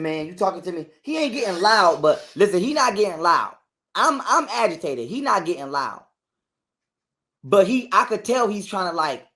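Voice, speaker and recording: A man, an interview guest, telling a profane story in casual conversation and acting out other people's lines as he goes. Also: sits high. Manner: animated retelling that acts out other people's lines.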